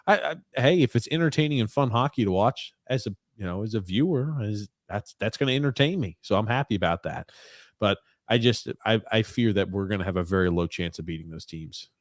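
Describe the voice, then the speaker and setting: A man's voice: fairly low pitch, expressive, fairly quick, no room sound. A man co-hosting a casual sports podcast, reading viewer comments aloud with laid-back, dry asides.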